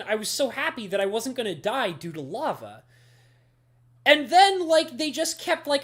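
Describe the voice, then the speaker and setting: A young woman streaming a game, chatting casually in an animated, rambling way with lots of fillers. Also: medium pitch. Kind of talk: casual gameplay stream chat.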